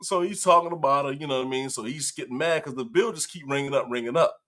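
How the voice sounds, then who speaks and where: A man's voice: mid-range voice, fast talker, fairly bright tone. A male host telling a story in casual commentary, acting out the quotes and laughing often.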